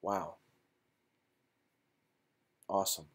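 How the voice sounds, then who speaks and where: A man hosting an investing channel who reads company facts and figures aloud in clipped phrases, then chats loosely about whether to buy. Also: drawn-out words. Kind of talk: casual stock-analysis commentary.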